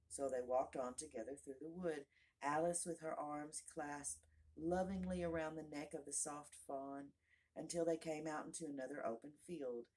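A woman reading a storybook aloud as narrator, in a calm, even manner. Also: low voice, normal speed, breathy edge. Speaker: audiobook reader.

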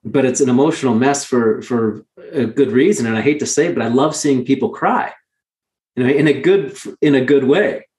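Male interview guest, candid storyteller, emphatic with restarts, mid pitch, echoey room. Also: moderate pace, a little mellow. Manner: earnest, emphatic, frequent restarts. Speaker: guest, mountain guide.

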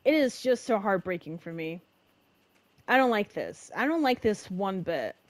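A young woman giving emotional, dramatic let's-play commentary in casual slang, reacting loudly to what happens in the game. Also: mid-range voice, big pitch swings, normal speed, dry recording. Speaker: gamer.

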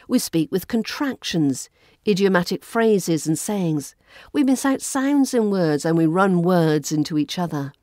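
A woman with a Southern English RP accent, hosting a podcast lesson in a clear, measured teaching voice. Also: mid-range voice, dark tone, no echo, clean studio sound. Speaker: accent coach and podcast host.

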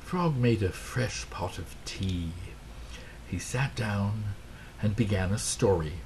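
Slow, gravelly male storybook narrator. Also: lowish voice, darkish tone, a little hiss or hum. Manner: slow, deliberate reading aloud. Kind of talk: scripted narration.

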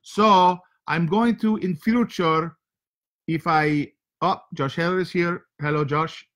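A made-up foreign twin brother, as a male host puts him on, chatting in halting, broken English with a thick fake accent. The voice sits a little high for a man and stays playful and rambling throughout, like a comic monologue on a talk show. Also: a bit bright.

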